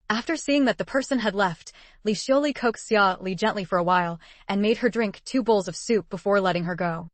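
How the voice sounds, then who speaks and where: A woman reading a story aloud as narrator, in an even, steady scripted style. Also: mid-range voice, fairly quick, no echo.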